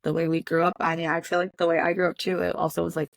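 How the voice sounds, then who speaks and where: A woman esthetician talking as a guest on a podcast, relaxed and casual with lots of filler words. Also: lowish voice, racing, creaky, no room sound. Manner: relaxed, talks with many likes and fillers. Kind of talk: casual chat.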